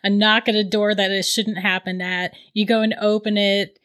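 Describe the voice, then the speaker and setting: A woman in her thirties telling a ghost story in casual chat, animated and laughing often. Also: medium pitch, normal speed.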